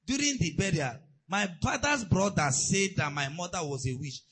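Man, pastor, sermon, husky, lively pitch. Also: moderate pace, poor audio. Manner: animated preaching with stories and asides.

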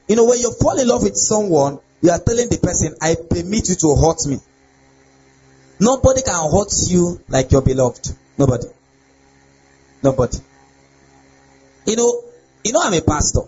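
A young male pastor with a high voice preaches in an animated way and keeps checking that his listeners follow him. The sound is dull and lo-fi, with faint ambience behind him. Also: slight background noise. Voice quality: animated preaching with laughs and repeated rhetorical questions. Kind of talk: sermon on relationships.

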